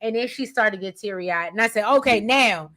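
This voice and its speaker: Bright, animated American woman recapping. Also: mid-range voice, fast. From United States. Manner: animated, rambling, expressive storytelling. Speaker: podcast co-host. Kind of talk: casual recap chat.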